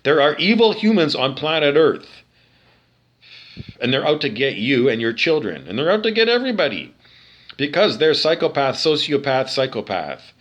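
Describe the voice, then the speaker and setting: A man's voice: a little high, very animated, normal speed, fairly bright tone, dull audio. A man from Canada ranting to the camera, agitated and profane, repeating himself and firing off rhetorical questions. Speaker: video monologue speaker.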